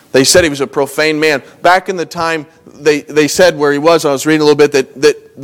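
A young adult man preaching a sermon as pastor, in an earnest, conversational way with frequent restarts and lively emphasis. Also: medium pitch.

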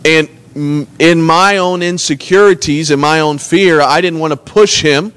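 A man's voice: a little high, measured pace, a bit bright, clear, resonant tone. A man preaching a sermon as pastor, earnestly reading scripture and retelling it in everyday words. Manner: earnest preaching, reads scripture aloud and retells it in plain talk.

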